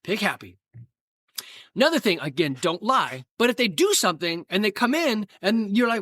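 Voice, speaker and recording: A man's voice: sits high, very animated, normal speed, fairly bright tone. A middle-aged man hosting a casual solo podcast, talking in a rambling, folksy, self-deprecating way with asides. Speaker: podcast host and gym owner.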